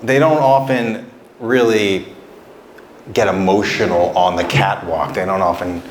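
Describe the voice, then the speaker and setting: Slow-talking stand-up comedian in a roomy club. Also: male voice, fairly low pitch, fairly even intonation, slight background noise. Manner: rambling absurd jokes with stammering restarts. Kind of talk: stand-up set. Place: small club stage before a live audience. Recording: roomy live club sound.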